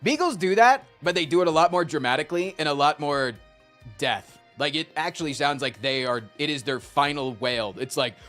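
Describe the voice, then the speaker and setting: Man telling a loud animated story. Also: a little high, brisk, soft background music. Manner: animated storytelling with frequent swearing; reads and answers chat messages. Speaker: livestreamer. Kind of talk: casual stream chat.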